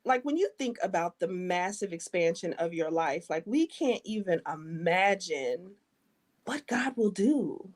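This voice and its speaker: A woman's voice: fairly low pitch, lively intonation, a little slow. Emphatic woman host speaking on faith. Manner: emphatic, faith-based encouragement. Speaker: talk show host. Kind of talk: conversational interview.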